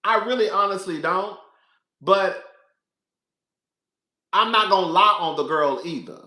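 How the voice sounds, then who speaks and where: A man giving casual, animated commentary on a reality show, talking straight to his viewers and calling them girl and baby. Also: high-pitched, measured pace, echoey room.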